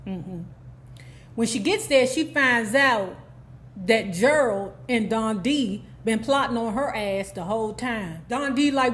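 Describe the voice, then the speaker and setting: A woman host recaps a TV episode casually, animated and sassy, throwing in lots of "okay?" asides and acting out the characters' lines. Her voice is a little high and her pace slow.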